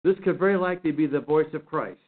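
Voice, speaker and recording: A man's voice: fairly high pitch, quick pace. A man teaching a Bible study lesson in an earnest, emphatic way, often repeating and restarting words. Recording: phone-like narrow sound.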